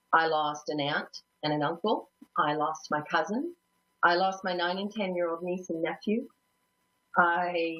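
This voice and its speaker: Talk-show host, female, lowish voice, chatty and self-mocking storyteller, muffled lo-fi recording. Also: a bit bright. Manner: rambling, self-deprecating, laughs often. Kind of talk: personal storytelling. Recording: dull lo-fi sound.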